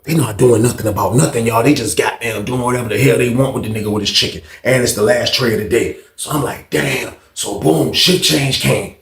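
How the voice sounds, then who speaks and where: A man telling a story casually in slangy, profane, animated talk. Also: mid-range voice, a little fast, few pauses, echoey room.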